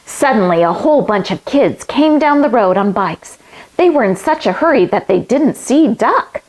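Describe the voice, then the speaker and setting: A woman, a kids' yoga teacher, reading a picture book aloud to children in an animated way and asking them questions. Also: on the high side, moderate pace, rough recording.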